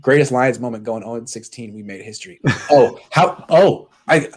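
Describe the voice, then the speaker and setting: Excitable man hosting a sports talk show. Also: medium pitch, moderate pace. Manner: excitable storyteller, jumps between loud outbursts and muttered asides. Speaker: sports podcast host. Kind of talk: casual chat.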